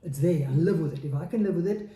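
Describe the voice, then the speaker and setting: A man's voice: on the high side, quick pace, warm tone, reverberant, a little hiss or hum. A man in his forties, a podcast guest, speaking candidly and earnestly and repeating phrases for emphasis. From South Africa. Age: 40s. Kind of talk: candid interview talk.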